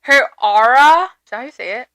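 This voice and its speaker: Young woman co-host, loud and giggly, high bright voice, chaotic casual chat. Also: lively intonation, fairly quick. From Hispanic background. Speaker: podcast co-host.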